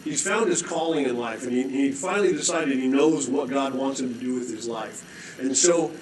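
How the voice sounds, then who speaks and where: A middle-aged man telling a story as a guest, animated, with frequent restarts and throat-clearing. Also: medium pitch, normal speed, crowd noise. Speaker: rescue mission director, guest. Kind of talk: storytelling, conversational preaching. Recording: echoey room.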